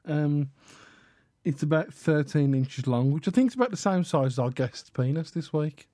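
A man's voice: a little high, normal speed, mellow, no echo. A man hosting a casual reptile podcast, jokey and profane, tripping over names as he goes. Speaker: podcast host.

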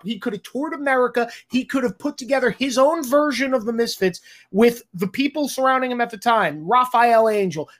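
Blunt, exasperated man telling stories. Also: extremely high pitch. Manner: blunt, exasperated, swears freely; acts out quoted exchanges. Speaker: film director. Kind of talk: candid interview talk.

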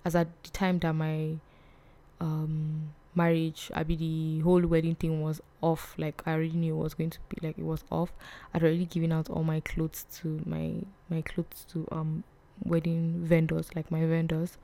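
A young woman, telling a personal story on her vlog in a soft, hesitant way that often drops to a whisper. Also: sits low, monotone, normal speed. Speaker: vlog host.

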